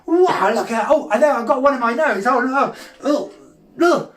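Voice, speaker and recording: Brit magician doing a kids show from home, all excited patter, roomy echo, a bit far from the mic. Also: high-pitched, normal speed. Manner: exaggerated gasps and cries of surprise; talks straight to children as boys and girls. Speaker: children's magician. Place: room at home during lockdown. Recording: echoey room, off-mic, faint noise.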